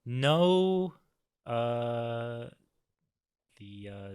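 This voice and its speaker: A man co-hosting a podcast, giving casual movie opinions in a relaxed way with trailing "uh"s. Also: mid-range voice, drawn-out words, clean tone, dry recording, studio quality. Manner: relaxed, laid-back, trailing off with "uh". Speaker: podcast co-host. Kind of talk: casual movie review chat.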